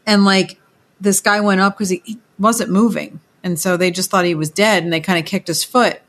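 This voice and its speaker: A woman, co-hosting a casual political chat and telling lively stories. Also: medium pitch, moderate pace. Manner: animated storytelling, acts out others' voices in quoted bits.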